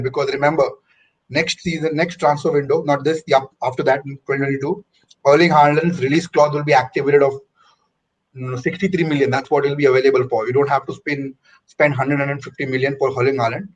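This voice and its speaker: A man's voice: mid-range voice, muffled recording. A man hosting a casual football discussion, posing questions to his co-hosts. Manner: questioning, conversational. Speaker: podcast host.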